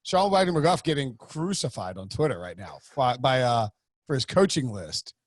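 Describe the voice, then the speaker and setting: A man's voice: medium pitch, sing-song, moderate pace, no echo, studio quality. A man hosting a sports podcast, chatting in a loose, rambling way with many fillers and restarts. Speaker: podcast host. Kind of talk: casual podcast chat.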